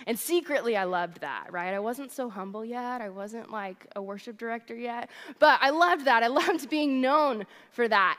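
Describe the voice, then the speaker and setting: A woman's voice: on the high side, fairly bright tone, in a large hall. A young adult woman, a worship director, giving a sermon in a chatty storytelling way. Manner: chatty storytelling, addresses crowd as "you guys". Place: church hall.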